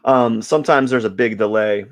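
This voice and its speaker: A man's voice: fairly low pitch, normal speed. Easygoing man chatting while drawing. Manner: rambling, joking, playful. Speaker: artist live-streaming a drawing session. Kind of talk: casual chat while drawing.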